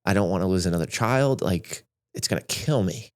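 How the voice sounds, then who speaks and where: A man's voice: sits low, lively intonation, fairly quick. A man in his thirties, a podcast guest and speaker with a Middle Tennessee accent, sharing a personal story in an earnest, heartfelt way. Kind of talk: candid conversational storytelling.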